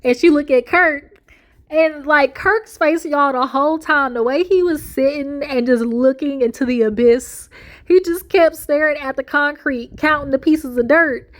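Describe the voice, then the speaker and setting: Woman, high-pitched voice, animated storyteller, quotes people in their voices. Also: measured pace. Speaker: reality TV recapper. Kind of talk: casual chat, retelling with acted quotes.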